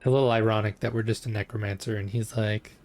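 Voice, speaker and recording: A man's voice: on the low side, steady tone, fast, a little mellow. A man streaming a game, chatting with viewers in a laid-back, casual way while he plays. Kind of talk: casual gameplay commentary.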